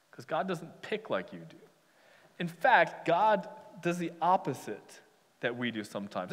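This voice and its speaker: A man's voice: on the high side, fairly bright tone, long reverb tail. A male pastor preaching a sermon in a conversational way, with sarcastic asides and chuckles.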